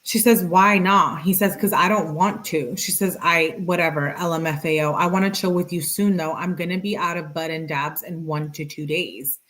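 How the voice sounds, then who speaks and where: A woman hosting a commentary video, reading text messages aloud in a plain, unhurried way with dry asides. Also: lowish voice, fairly even intonation, fairly bright tone.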